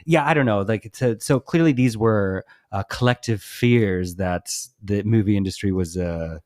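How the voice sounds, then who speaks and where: A man's voice: on the low side, a little mellow, dry recording, clean studio sound. A man co-hosting a film review podcast, chatty and opinionated in casual talk. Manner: chatty, quick opinions, many fillers. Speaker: podcast co-host.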